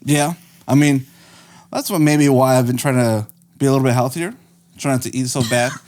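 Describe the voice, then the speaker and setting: A man's voice: medium pitch, moderate pace. A man in his twenties chatting casually as a podcast guest, telling stories with lots of swearing and laughter. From Mexico. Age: 20s. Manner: laughing, profane, animated storytelling. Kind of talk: casual chat.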